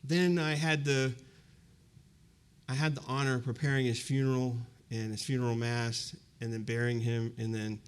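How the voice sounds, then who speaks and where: A clear, resonant, mid-range voice carries this fifty-something man's personal story at a university event before a live audience. He speaks at a moderate pace with flat delivery, reflective and conversational, using many fillers like "you know."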